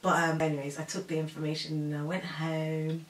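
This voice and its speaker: A young woman tells her story in a casual, animated way, slipping into other people's voices and laughing often. Her voice sits a little low. The room is echoey, and the mic is some distance from her. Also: a little fast, a little hiss or hum. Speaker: co-host telling her pregnancy story. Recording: roomy sound from a distant mic.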